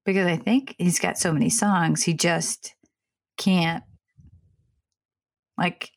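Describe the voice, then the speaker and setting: Opinionated woman with a gravelly low voice. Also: fairly even intonation, slow pace. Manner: opinionated, apologetic, rambling with restarts. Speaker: podcast co-host. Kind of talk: casual chat.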